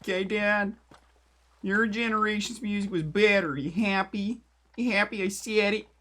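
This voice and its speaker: A man's voice: high-pitched, fairly even intonation, moderate pace, pushed and bright, voice pushed up. A man voicing a sulky young man grudgingly humoring his dad, in a raised, sarcastic, put-on Canadian accent.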